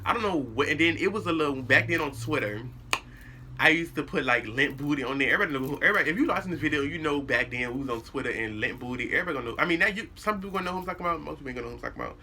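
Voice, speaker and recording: A young man telling a personal story to his viewers in a casual, animated way, blunt and full of cursing. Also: a little high, very fast, slight background noise. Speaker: vlogger.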